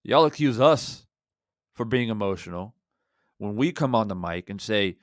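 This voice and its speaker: A man hosting a fan reaction channel, talking in an impassioned, rhetorical way that swings between loud and quiet. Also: fairly low pitch, expressive, moderate pace, pauses often, no echo, clean studio sound. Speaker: boxing channel host.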